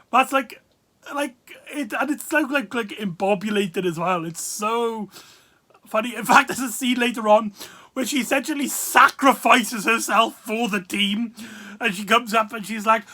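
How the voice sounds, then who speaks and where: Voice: medium pitch, bright, forceful tone. A video reviewer, talking casually and rambling with many fillers and asides. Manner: rambling, full of fillers and laughs.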